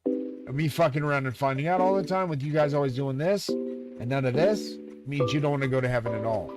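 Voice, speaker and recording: A man's voice: medium pitch, brisk. A man live-streaming a profane, agitated, grandiose rant aimed straight at his viewers. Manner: profane, agitated and grandiose, talks to the audience directly. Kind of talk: ranting monologue to viewers. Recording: loud music playing behind the voice. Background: loud music.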